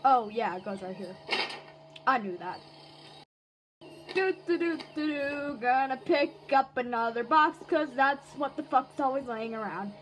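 A woman's voice: sits high, expressive, measured pace, noisy background. A woman voicing a foul-mouthed, murderous robot in a comic voice-over dub, humming tunelessly and swearing constantly. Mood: grumbling.

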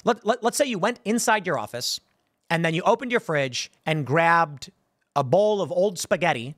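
A male commentary host with a slightly high voice rambles through his point, stumbling over words and starting sentences again. His voice sounds dry and close, with no room sound, as if into a studio mic. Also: lively intonation, moderate pace, a bit bright, no room sound. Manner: stammering restarts, repeating words. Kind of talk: casual commentary monologue.

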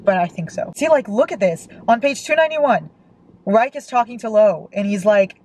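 A woman's voice: medium pitch, expressive, normal speed, darkish tone, slight background noise, rough recording. A young woman reading a novel aloud and reacting with emotional outbursts, as a book vlogger.

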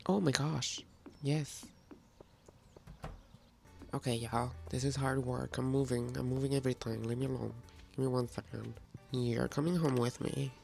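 A woman with a raspy, creaky voice hosts a relaxed let's-play. She chats and jokes with her viewers and talks to the game's characters. Faint music plays underneath. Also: very deep voice, measured pace, pauses often. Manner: chatty and playful, talks to game characters and viewers. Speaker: gaming video host. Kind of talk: casual let's-play commentary.

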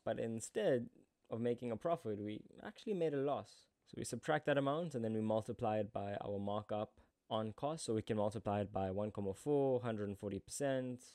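A man's voice: mid-range voice, a little mellow, dry recording, clean studio sound. A man teaching accounting in a tutorial, chatty, with joking asides. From South Africa. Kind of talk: screen-recorded tutorial.

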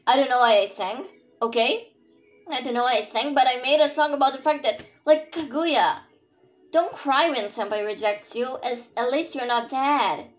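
A woman's voice: high-pitched, normal speed. A woman from Brazil giving casual, sarcastic gameplay commentary and swearing often. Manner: playful, sarcastic, swears a lot. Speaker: gameplay streamer. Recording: dull lo-fi audio with faint game music.

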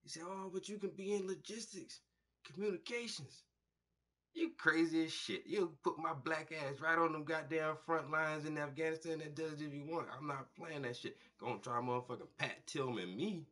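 A man hosting a painting show, telling stories in a loose, profane, animated way and acting out the people he quotes. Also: fairly high pitch, a little fast, hardly any pauses. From United States. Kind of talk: casual storytelling monologue.

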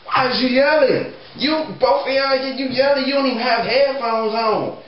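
High-voiced man in loose comedy banter. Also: normal speed, heavy reverb, lo-fi sound. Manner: loose slangy banter, laughs often. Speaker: comedian playing several characters.

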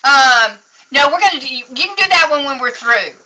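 A woman's voice: high-pitched, expressive, moderate pace, bright, forceful tone, poor audio. A woman teaching a casual painting lesson at a craft table, chatty and encouraging as she explains each step. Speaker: craft instructor.

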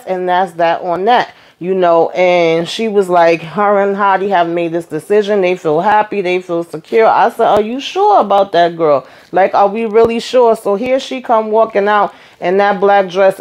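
A woman recaps a reality show in a sassy, animated way and acts out the people in it as she goes. Her voice sits at a middle pitch. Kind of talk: casual recap commentary.

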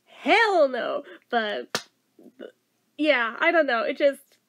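A woman with a notably high voice talks through a movie review off the cuff. She is blunt and excitable, swears freely, laughs easily and rambles through her thoughts with lots of fillers. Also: a little hiss or hum. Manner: excitable and animated, quick to laugh. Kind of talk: casual spoken review.

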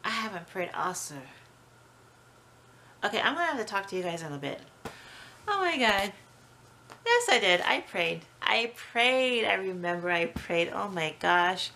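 A woman's voice: medium pitch, sing-song, measured pace, gravelly, long pauses, bright, forceful tone. Panicky woman vlogger exclaiming. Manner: panicky, exclamatory, repeats herself. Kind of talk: casual home vlog. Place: home storage room. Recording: noisy home video.

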